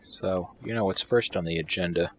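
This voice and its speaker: A man's voice: sits low, normal speed, slight background noise. A man giving crude, sarcastic, irreverent commentary over a video game playthrough. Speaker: let's play commentator.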